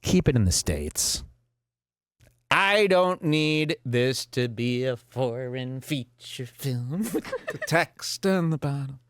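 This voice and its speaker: A man's voice: mid-range voice, expressive, slow, fairly bright tone, no echo. Sarcastic man ranting at a studio mic. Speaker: podcast host. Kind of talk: casual commentary. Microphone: headphones and studio mic.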